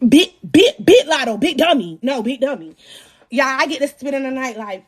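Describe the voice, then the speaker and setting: A young woman in her twenties casually telling her viewers a story, animated, profane and self-mocking, acting out the voices of the people in it. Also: high voice, moderate pace. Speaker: vlogger.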